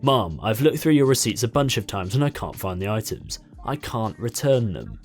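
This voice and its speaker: A man's voice: on the low side, sing-song, moderate pace, faint music behind. A man voicing an anxious teenage shop assistant who talks in a flustered, pleading way. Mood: nervous.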